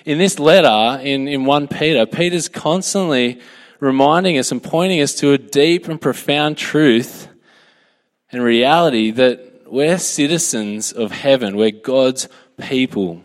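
A young man with an Australian accent preaches in a relaxed, joking way, chatting with his listeners and polling the room. His mid-pitched voice carries a long reverb, as if it fills a large hall. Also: a little slow. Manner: joking, chatty, asks for a show of hands. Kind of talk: casual sermon to a youth group.

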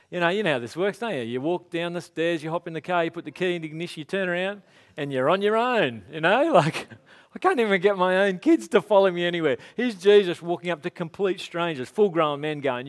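Aussie guy preaching laid-back, slightly higher voice, acts out the quotes. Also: fast. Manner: casual, animated storytelling with acted-out quotes. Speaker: pastor. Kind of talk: conversational sermon.

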